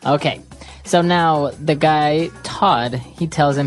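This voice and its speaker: Low-voiced woman hosting an English lesson. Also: slow, faint music behind. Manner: steady, guiding, frequent backchannel "mm-hmm". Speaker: podcast co-host and English teacher. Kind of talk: casual teaching chat.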